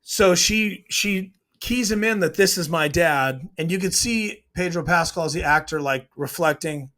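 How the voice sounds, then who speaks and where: A man's voice: a little high, unhurried, few pauses, a bit bright. Opinionated man breaking down a TV scene. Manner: opinionated, retells scenes by acting out quotes. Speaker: TV show reviewer. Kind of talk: casual scene breakdown commentary.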